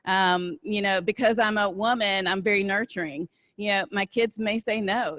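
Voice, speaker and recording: A woman's voice: medium pitch, normal speed, hardly any pauses, a bit bright, dry recording. A woman with a Southern American accent giving a conversational talk on workplace inclusion and taking audience questions, checking in with the room as she goes. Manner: conversational, asks "right?" often. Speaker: diversity and inclusion speaker.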